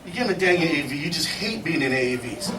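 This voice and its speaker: A man's voice: on the high side, quick pace. A middle-aged man telling folksy, laughing stories at a memorial service, acting out what others said. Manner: folksy, laughing, quotes people in lively voices. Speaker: memorial speaker. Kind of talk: informal storytelling eulogy. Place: memorial gathering hall. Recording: echoey room, far from the mic, noisy.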